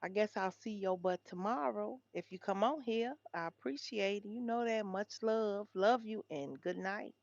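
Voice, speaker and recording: A woman's voice: mid-range voice, normal speed, gravelly, hardly any pauses, a little mellow, no room sound, lo-fi sound. A woman hosting a casual livestream, chatting with viewers and reading headlines aloud. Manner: chatty, talks straight to viewers. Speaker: livestream host.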